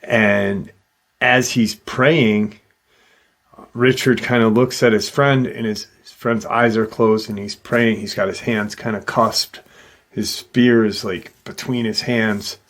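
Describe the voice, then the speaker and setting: A middle-aged man slowly retelling a witness's eerie encounter in a casual, halting way, with many fillers. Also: fairly low pitch, steady tone, a bit bright. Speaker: host retelling a witness account. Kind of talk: casual storytelling.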